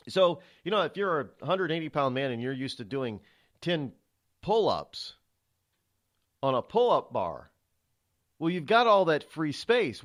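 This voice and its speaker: A middle-aged man hosting his own radio show, talking solo in a chatty, digressive way, often restarting and repeating words as he goes. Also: a little high. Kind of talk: rambling solo talk-radio monologue.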